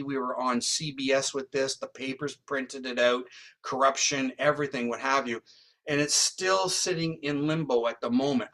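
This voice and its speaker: A man, a guest psychic medium and criminal profiler, telling a story in an interview and often tagging his lines with "right?". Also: medium pitch. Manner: animated retelling, tags lines with "right?".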